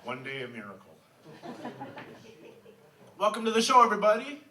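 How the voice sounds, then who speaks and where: A man's voice: high-pitched, big pitch swings, moderate pace. An American man doing a stand-up comedy set, wry and self-mocking, chatting with the crowd at a live venue. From United States. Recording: echoey venue, mic at a distance.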